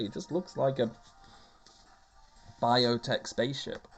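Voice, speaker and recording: A man's voice: medium pitch, unhurried, faint music behind. A man giving casual, chatty gameplay commentary as a let's-play host, self-mocking and wry.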